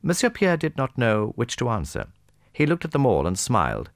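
A man's voice: mid-range voice, huge pitch swings, moderate pace, dry recording, clean studio sound. A man narrating a classic novel who voices each character in turn. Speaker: audiobook narrator.

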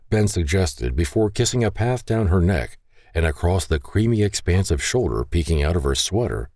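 A man narrating a romance novel in an expressive storytelling manner. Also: deep voice, moderate pace, dry recording, studio quality. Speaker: audiobook narrator. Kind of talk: scripted narration.

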